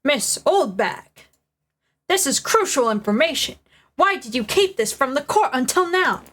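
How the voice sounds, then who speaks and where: A woman's voice: high voice, big pitch swings, unhurried, fairly bright tone, voice pushed up, heavily acted. A woman reading the lines of an earnest young male defense lawyer in a pleading tone.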